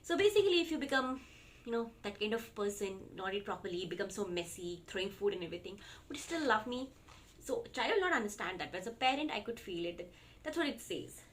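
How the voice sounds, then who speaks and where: A woman's voice: medium pitch, sing-song, fast, a little hiss or hum. A young woman with an Indian English accent, chatting casually as she reviews children's books, with many fillers and restarts. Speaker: parenting vlogger.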